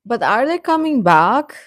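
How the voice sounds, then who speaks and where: A woman's voice: fairly high pitch, fairly bright tone, dry recording. Chatty woman livestreamer, dry close sound. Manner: chatty, laughing often, exasperated rants. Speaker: livestream host reading chat. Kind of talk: casual chat.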